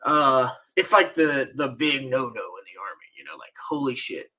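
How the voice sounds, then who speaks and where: A man's voice: mid-range voice, expressive, moderate pace, bright, forceful tone, poor audio. A man co-hosting a podcast in casual chat, laid-back and profane, laughing often. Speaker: podcast co-host.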